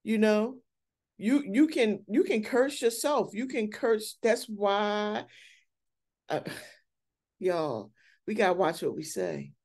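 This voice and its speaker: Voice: mid-range voice, very animated, slow pace, pauses often, a little mellow. A church elder speaking earnestly and candidly in a casual Bible study, often restarting sentences.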